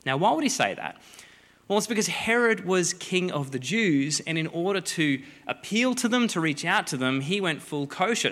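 A man preaching a sermon, a lively, joking storyteller who acts out the people in the story. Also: on the high side, fairly quick. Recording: long hall reverb.

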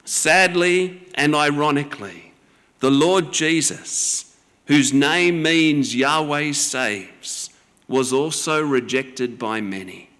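A male pastor delivering a sermon in a slow, deliberate cadence, letting each phrase settle before the next. His voice rings out in a church with a long reverb trailing behind it. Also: fairly high pitch, a bit bright, clear, resonant tone. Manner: slow, deliberate preaching with measured pauses.

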